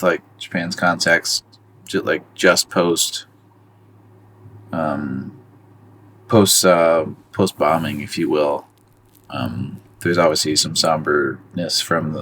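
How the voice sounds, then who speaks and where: A man with a very low, deep voice co-hosts a casual podcast about films. He talks in a loose, wandering way, stopping often on fillers as he searches for his point. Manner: rambling, hesitant, full of fillers. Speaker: podcast co-host. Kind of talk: casual film discussion.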